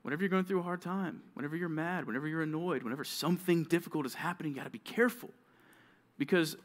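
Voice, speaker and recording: A man preaching a sermon to junior high students, lively and conversational, acting out grumbling teens in quick asides. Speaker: youth pastor.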